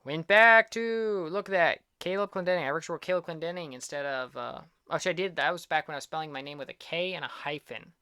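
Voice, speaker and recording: Bright, self-deprecating young man. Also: fairly high pitch, fast, few pauses, smooth, dry recording, studio quality. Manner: rambling, self-deprecating, upbeat. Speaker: art channel host. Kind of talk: casual chat.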